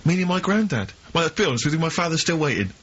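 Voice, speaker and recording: A man's voice: fairly high pitch, sing-song, rapid-fire, fairly bright tone, slightly rough, dull audio. A man telling a comic family anecdote with wry asides, recorded for a radio show.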